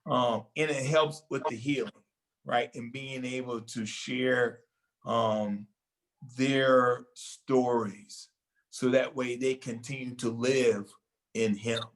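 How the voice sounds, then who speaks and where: A man's voice: medium pitch, steady tone, slow pace, rough recording. Reflective older man, hesitant talk. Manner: reflective, hesitant, many fillers. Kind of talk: casual talk show conversation.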